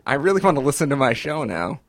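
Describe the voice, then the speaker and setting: A man's voice: mid-range voice, very animated, fast talker. A man who hosts a college radio show, joking and laughing in a casual podcast chat, talking into a headset mic.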